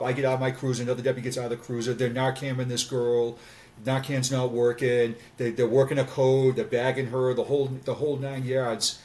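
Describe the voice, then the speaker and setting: A former police officer around sixty, with a mid-range, slightly mellow voice, shares candid stories in a podcast conversation. He's earnest and repeats words as he restarts sentences. His voice sounds distant from the mic.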